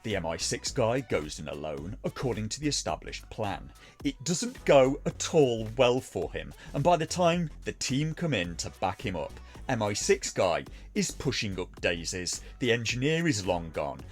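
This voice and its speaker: A man's voice: on the low side, big pitch swings, moderate pace, soft background music. A man reviewing a TV episode in a dry, sarcastic, mocking way.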